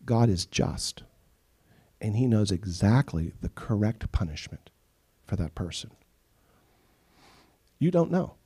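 A middle-aged pastor delivers a sermon to his congregation. His mid-pitched voice rises and falls widely. He slips into the voices of the people in his stories. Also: slow, pauses often, slightly rough. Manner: animated storytelling, acts out quoted voices. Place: church sanctuary.

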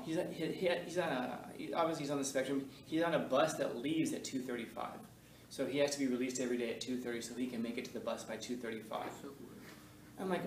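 Animated teacher in an echoey classroom. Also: male voice, medium pitch, quick pace, a little hiss or hum. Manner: animated, laughing, acts out voices in stories. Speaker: high school teacher. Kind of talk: classroom discussion and storytelling. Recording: echoey classroom from far off, faint ambience.

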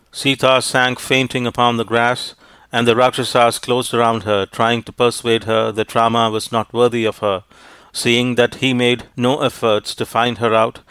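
A man reads an epic tale aloud in measured, formal narration. His voice is smooth and clean, with little rise and fall. The recording is dry and close. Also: medium pitch, fairly bright tone, no room sound. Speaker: audiobook narrator. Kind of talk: scripted audiobook narration.

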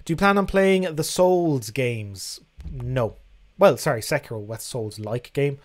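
A man's voice: mid-range voice, lively intonation, a little slow. Chatty man hosting a livestream. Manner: chatty, frank, swears casually. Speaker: livestream host. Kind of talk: casual livestream chat reading viewer questions.

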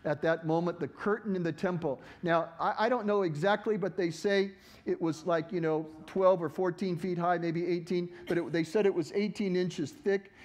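A man's voice: sits high, fairly even intonation, normal speed, hardly any pauses, a little mellow. A male pastor preaching a sermon with fervent, rising exhortation, his voice cracking.

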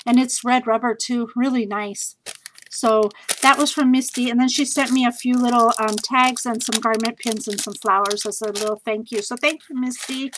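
A woman with a slightly high voice chats in a casual home haul video and gushes over each craft item she holds up. She talks quickly and eagerly, with plenty of fillers and small asides. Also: fairly even intonation, fairly bright tone, slight background noise, poor audio. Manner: bubbly and gushing, with many fillers and quick asides. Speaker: scrapbooking vlogger showing a craft haul.

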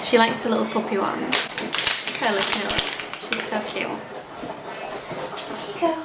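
A woman's voice: fairly high pitch, expressive, moderate pace. A woman chatting casually in a home vlog, gushing and sing-song with her dogs, a little stuffed up and out of breath. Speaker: vlogger. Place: home living room. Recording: echoey room with faint noise.

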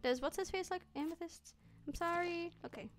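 A young woman streams a game with faint game music behind her, playfully chatting to herself and slipping into mock old-fashioned phrases. Her voice is very high and fairly quick.

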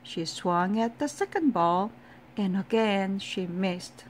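A woman's voice: medium pitch, animated, slow, slight background noise. Woman reading a bedtime story.

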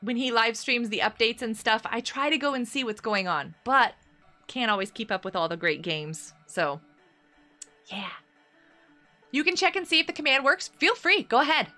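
A woman's voice: fairly high pitch, expressive, normal speed, pushed and bright, faint music behind. A woman streaming a game live, chatting with her viewers in a bubbly, giggly way. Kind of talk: casual live-stream chatter while gaming.

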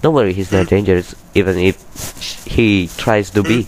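A man voicing a lazy, joking male skeleton who drawls his lines deadpan. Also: deep voice, normal speed, slight background noise, lightly acted, poor audio. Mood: easygoing. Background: game music.

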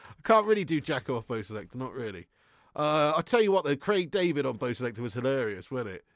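A man's voice: mid-range voice, sing-song, fast talker, no echo, studio quality. A young man streaming a football game, chatting casually, swearing and reading out the chat. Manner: laid-back, swearing, reads chat aloud. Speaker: gaming streamer.

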